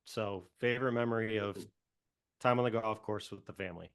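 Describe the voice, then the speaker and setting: A man's voice: fairly low pitch, steady tone, brisk, fairly bright tone, clear, resonant tone. A man in a casual chat, asking questions in an easygoing way and chiming in with short replies. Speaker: interviewer.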